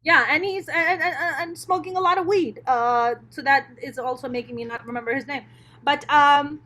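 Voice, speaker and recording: Bright, high-voiced, profane woman storyteller. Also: normal speed. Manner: candid, profane, animated storyteller. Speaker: podcast guest, stand-up comedian. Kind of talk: casual interview storytelling.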